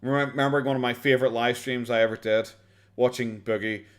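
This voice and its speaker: A man's voice: medium pitch, fairly even intonation, fast. An Irish man chatting casually on a live stream while reacting to videos. He rambles, swears and laughs often, and keeps his voice down. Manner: kept quiet, not loud.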